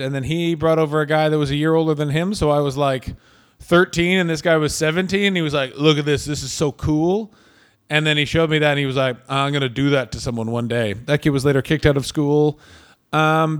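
A man's voice: fairly high pitch, steady tone, a little fast, clean tone. A man who does stand-up, co-hosting a casual podcast and telling crude, rambling stories. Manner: chatty, crude, rambling storyteller. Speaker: podcast co-host, stand-up comedian.

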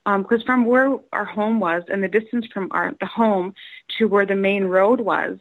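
A woman telling a personal story, halting with many fillers and restarts, raising her voice when quoting others. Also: mid-range voice, narrow, tinny audio.

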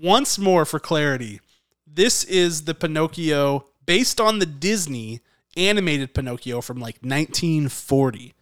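A man co-hosting a casual podcast, his voice a touch high with a smooth, clear tone. He jokes and rants in a lively way, recorded close and dry with no room sound. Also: measured pace, no echo. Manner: animated, joking, rant-prone. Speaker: podcast co-host.

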